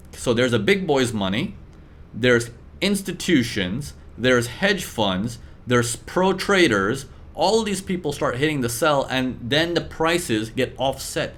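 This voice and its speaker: A man teaching traders in a live class, talking lively and acting out the voices of buyers and sellers. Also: mid-range voice, a little hiss or hum. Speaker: trading mentor.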